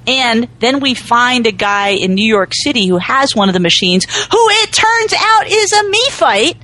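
A woman from New England chats on a podcast with a lively, swooping voice. She talks breezily and lets her sentences trail off into "blah, blah, blah." Her pitch rises and falls constantly as she tells the story. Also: unhurried. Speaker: podcast co-host. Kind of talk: casual chat.

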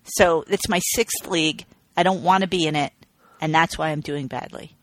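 A woman co-hosting a casual podcast, telling stories in an animated way, swearing and venting as she goes. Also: deep voice, moderate pace, no echo. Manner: animated, profane storyteller who vents with laughs. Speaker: podcast co-host.

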